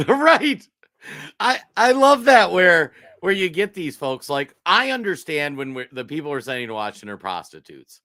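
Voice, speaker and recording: This Minnesotan co-host of a laid-back political talk show speaks at a fairly high pitch and a normal pace, with no echo. He's an animated storyteller who performs the quotes of the people he describes.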